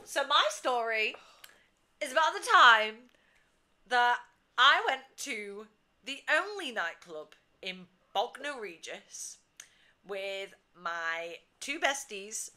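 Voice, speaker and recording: Woman in her twenties, bright voice, higher pitch, podcast co-host, animated storyteller, laughs a lot. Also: slow pace. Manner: animated, laughs often, acts out quotes loudly. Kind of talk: casual storytelling chat.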